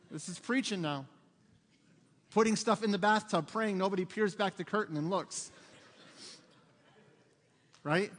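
A high-voiced male pastor preaches in a church with a long, ringing reverb. He tells funny stories against himself and acts out the lines of the people in them. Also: fairly bright tone. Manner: humorous, self-mocking storytelling with acted-out quotes. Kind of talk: sermon. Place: church sanctuary.

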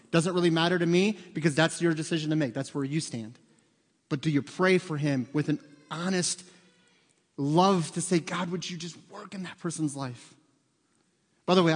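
Pastor guy in his 40s preaching, kinda high voice, chatty stories then gets loud, long church echo. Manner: conversational storytelling, rising loud and excited for emphasis. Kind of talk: sermon. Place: church sanctuary. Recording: long hall reverb.

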